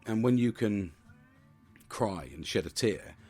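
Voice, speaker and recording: A deep, low-pitched man speaking in a casual, reflective monologue as a podcast host. He talks in a chatty, open way, swears freely and keeps checking in with "do you know what I mean". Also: animated, measured pace, dark tone, soft background music.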